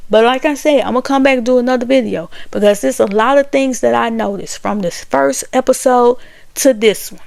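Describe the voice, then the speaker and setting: An exasperated woman runs through a reality show in casual commentary, acting out each quoted line. Her voice sits a touch high with a gravelly fry, and the sound is dry and close. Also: a little fast, no room sound. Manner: animated, exasperated, acts out quoted dialogue.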